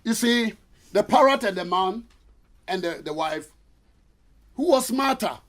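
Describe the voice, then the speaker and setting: Guy giving a motivational talk, fairly high voice, tells stories, lots of rhetorical questions. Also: lively intonation, measured pace, a bit bright. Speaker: motivational speaker. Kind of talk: motivational seminar talk with storytelling.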